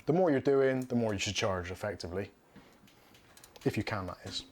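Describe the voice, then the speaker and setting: A man's voice: on the low side, animated, fairly quick, a little mellow. A man, hosting a casual livestream while building a computer. He talks frankly, in a chatty way, and laughs often. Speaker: streamer building a PC.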